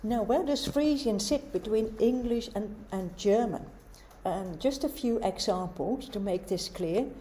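A woman giving a university lecture, explaining in a measured way and asking rhetorical questions. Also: medium pitch, warm tone, slight background noise.

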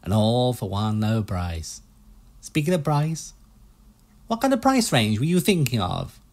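A man voicing a pushy, fast-talking used-ship salesman with a put-on American salesman accent, reading game dialogue. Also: medium pitch, big pitch swings, a little mellow. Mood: smooth salesy. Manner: slick, hard-selling patter.

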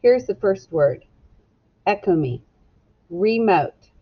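A woman teacher giving a recorded phonics lesson to children, slowly sounding out letters and words in a clear, encouraging way. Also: mid-range voice, animated, lo-fi sound.

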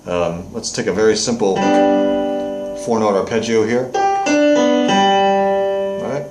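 A man's voice: on the low side, takes it slowly, reverberant, over loud music. A male vocal coach explaining singing technique step by step, with short sung demonstrations.

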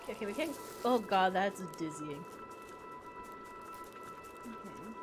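A woman's voice: medium pitch, animated, a little slow. A young woman streaming a game live, chatting playfully in squeals and baby talk. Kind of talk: live gameplay commentary. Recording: game music behind.

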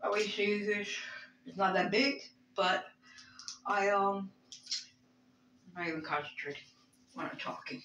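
A woman from Brooklyn, New York records a personal vlog in her bedroom, speaking in a mid-range, slightly bright voice at a measured pace with frequent pauses. She rambles in an emotional, reflective way, hesitating with many fillers and restarts. Slight background noise and a roomy bedroom echo are audible.

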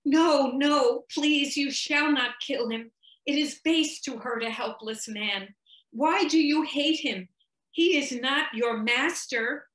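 A woman's voice: high voice, takes it slowly, a bit bright, voice pushed up. A frightened nurse, as a woman reader voices her, pleads in a raised, trembling voice. The room adds a light echo. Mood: pleading.

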